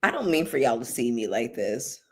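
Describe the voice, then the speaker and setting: A channel host with a very deep, husky, darkish woman's voice runs a casual commentary livestream at normal speed, sounding animated. She's tipsy from drinking bubbly and swears heavily, blunt and heated.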